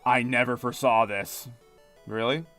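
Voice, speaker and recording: A man's voice: mid-range voice, steady tone, moderate pace, fairly bright tone, soft background music. Chatty Philadelphia guy streaming a game. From Philadelphia area, United States. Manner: chatty, rambling, many fillers and restarts. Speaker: gaming streamer. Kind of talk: casual live-stream chat while playing.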